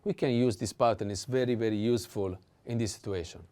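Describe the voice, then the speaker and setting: A man teaching a language lesson, explaining slowly with frequent fillers and pauses. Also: lowish voice, dark tone.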